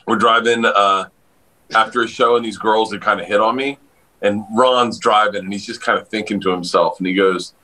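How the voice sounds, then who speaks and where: Brief: male comedian guest, bright forceful voice, loud laughing storyteller on a video call. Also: moderate pace, rough recording. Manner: loud storyteller, laughs a lot, jumps up in pitch when excited. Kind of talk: casual podcast chat.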